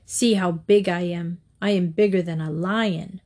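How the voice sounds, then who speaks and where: A proud, bullying storybook wolf, as a woman reads him, a touch lower and slower than her own voice. He boasts and growls at smaller creatures. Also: steady tone, a little mellow. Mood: boastful.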